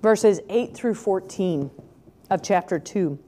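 A woman's voice: high voice, measured pace. A woman reading scripture and then preaching in a conversational way, often asking the listener rhetorical questions. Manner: conversational, asks rhetorical questions, animated when quoting. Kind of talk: scripture reading and reflective sermon.

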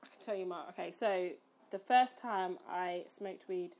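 A woman's voice: lowish voice, moderate pace. A young woman telling a funny personal story in casual chat, laughing and acting out what she and others said. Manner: animated, laughing storyteller who acts out her own quotes.

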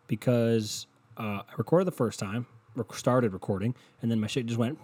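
A frustrated man hosts a solo podcast from home, swearing freely and piling on sarcasm as he rants. His voice is dark and mellow, with a slightly husky edge, picked up close on a home microphone. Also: mid-range voice, a little fast. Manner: profane, frustrated, sarcastic ranting. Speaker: podcast host. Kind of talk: casual solo podcast rant. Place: indoors at home. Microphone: USB podcast mic with windscreen.

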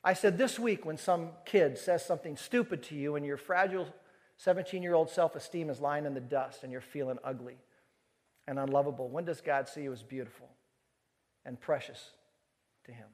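Male preacher, animated storyteller, slightly high voice, long hall reverb. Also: moderate pace. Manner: animated storyteller who acts out dialogue. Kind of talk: sermon storytelling to a live audience.

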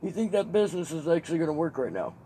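A man hosting a podcast, chatting casually and telling animated stories with swearing, laughter and mimicked voices. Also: a little high, very fast, slight background noise, low-quality recording. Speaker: podcast host. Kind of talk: casual chat.

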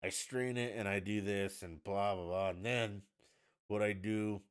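A man's voice: lowish voice, steady tone, unhurried, clear, resonant tone. A man hosting a casual solo podcast from the United States, ranting bluntly and swearing freely. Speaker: podcast host.

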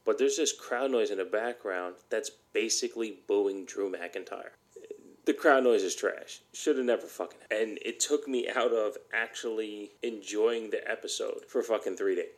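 Man, podcast host, heated blunt rant, gravelly low voice. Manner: blunt, heated, swears often.

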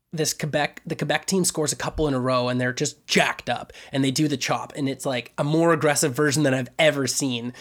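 A man in his thirties from Canada telling a story in a casual podcast chat, animated and laughing, jumping high in pitch when he quotes himself. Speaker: podcast co-host.

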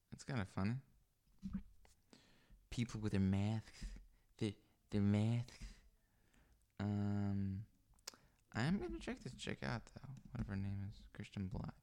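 Gravelly man rambling alone on a mic. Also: fairly low pitch, animated, slow pace, long pauses, dark tone. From lives in Los Angeles. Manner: rambling, crude, many fillers and restarts. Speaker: solo podcaster. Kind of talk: rambling solo monologue. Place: small home room with foam panels. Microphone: microphone on a stand.

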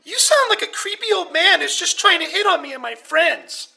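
A woman playing a whiny, easily offended young millennial caller who grows indignant and shouts. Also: very high-pitched, animated, normal speed, gravelly, exaggerated voice, low-quality recording. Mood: outraged. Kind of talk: comedy sketch acting.

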